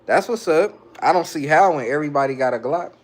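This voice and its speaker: A man streaming live and answering his viewers' chat in a relaxed, slangy way, often breaking into chuckles. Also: a little high, brisk. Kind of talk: casual livestream chat.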